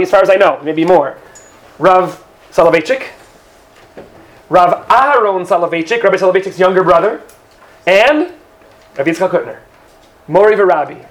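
A man with a high, light voice teaches a class about a holiday prayer. He talks casually and animatedly, slipping into jokes and acting out little scenes for his students. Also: moderate pace, pauses often. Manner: animated storytelling with joking asides. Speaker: Torah teacher. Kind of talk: classroom lesson.

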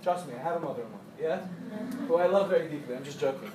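High-voiced man telling Torah stories. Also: fast talker. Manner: animated storyteller who acts out quotes and jokes with the audience. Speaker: Torah teacher addressing young women. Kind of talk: storytelling Torah class. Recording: echoey room, distant mic, faint hum.

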